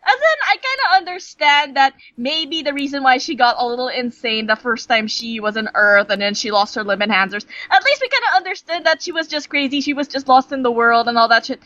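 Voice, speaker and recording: A woman's voice: high voice, expressive, brisk, hardly any pauses, sharp tone, no room sound, highs cut off. A young woman chatting casually about a cartoon, rambling, restarting her sentences and swearing freely. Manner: rambling, stumbling over words, swearing.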